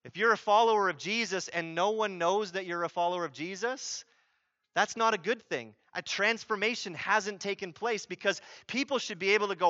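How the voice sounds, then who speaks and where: Male pastor, sermon, high voice, bright tone, emphatic, slightly dull sound. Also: moderate pace, dry recording. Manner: emphatic, conversational preaching with acted quotes.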